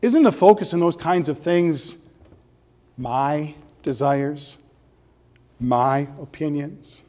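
A man delivering an earnest sermon as pastor, leaning on rhetorical questions and building to animated stretches. His voice sits a little high for a man. A long reverb trails each phrase, as in a church hall. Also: slow, pauses often.

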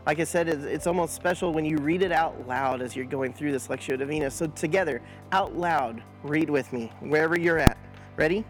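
A man guiding viewers through a scripture meditation, talking to them directly and encouragingly, then slowing into a soft, prayerful reading. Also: a little high, soft background music. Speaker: pastor leading a guided prayer.

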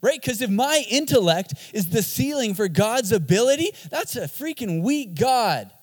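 High-voiced man preaching in a reverberant hall. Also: normal speed. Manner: energetic, joking, emphatic preaching. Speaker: pastor. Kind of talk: sermon.

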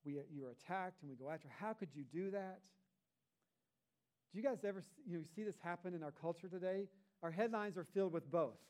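A man's voice: sits high, fast talker, a little mellow. A man, a pastor, preaching a sermon in a conversational way, with rhetorical asides to the congregation.

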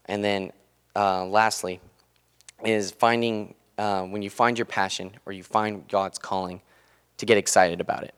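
A man's voice: on the low side, steady tone, measured pace, smooth. A young man in his twenties giving an earnest, casual sermon talk, loose and full of fillers. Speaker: student speaker giving a devotional.

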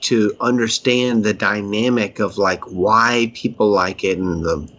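A man's voice: on the low side, steady tone, a little slow, fairly bright tone. A man co-hosting a podcast, chatting casually in a rambling, enthusiastic way with frequent restarts. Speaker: podcast co-host. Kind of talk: casual chat.

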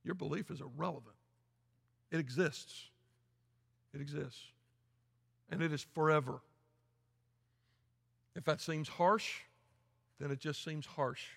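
A gravelly, fairly high-pitched man. He is blunt and folksy, dropping to quiet asides and rising to loud preaching. His voice rings with the long echo of a large church sanctuary. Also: moderate pace, long pauses. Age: 50s. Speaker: pastor. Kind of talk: sermon. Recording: echoey church hall.

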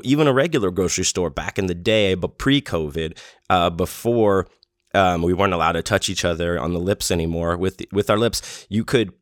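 A man with a very low voice hosts his own storytelling podcast. He rambles along in a relaxed, self-deprecating way, and the recording is close and dry with no room echo. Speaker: podcast host. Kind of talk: casual storytelling monologue. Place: home in Las Vegas.

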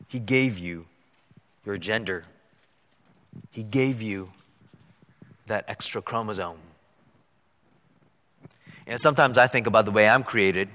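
A man preaching a sermon as a pastor, rising to loud, high-pitched emphasis and then dropping to quiet. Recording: long hall reverb.

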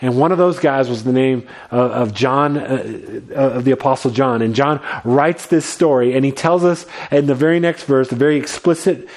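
Male pastor, mid-pitched, earnest sermon delivery with repeated words and lively-to-hushed swings. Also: normal speed, hardly any pauses.

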